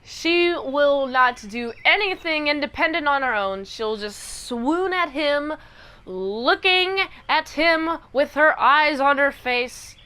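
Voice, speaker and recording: High, bright young woman recapping. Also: takes it slowly. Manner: animated storytelling that acts out the characters. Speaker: reviewer. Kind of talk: casual episode recap.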